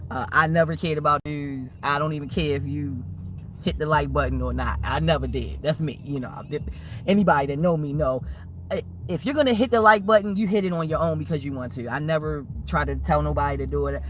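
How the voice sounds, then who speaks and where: A woman's voice: low voice, a little fast, slight background noise. A woman livestreaming and chatting casually with her viewers, rambling, swearing freely and laughing often.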